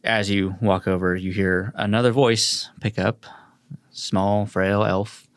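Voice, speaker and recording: A man narrating a tabletop fantasy game as game master, describing scenes in an unhurried way. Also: lowish voice, fairly even intonation, dry recording, studio quality.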